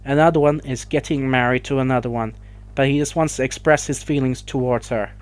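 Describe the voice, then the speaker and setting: Mid-range in pitch, fairly even in intonation, and a little fast, a young man vents his heated opinions to the camera in a vlog. He curses and wanders off-track as his temper rises.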